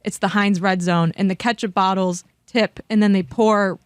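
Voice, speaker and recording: A woman's voice: mid-range voice, steady tone, moderate pace, smooth, dry recording, clean studio sound. A woman regular on a sports talk show, chatting casually and with enthusiasm.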